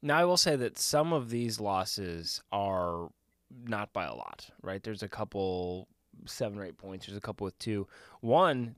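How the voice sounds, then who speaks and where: A man's voice: fairly low pitch, dry recording, clean studio sound. A man co-hosting a casual podcast, reading facts with wry joking asides. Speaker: co-host.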